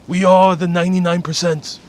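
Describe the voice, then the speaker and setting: A man's voice: high voice, flat delivery, fairly quick, a little mellow, voice pushed up, close to an everyday voice. A man putting on an impression of an emphatic older male senator with an old-school New York accent, repeating slogans. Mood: ranting.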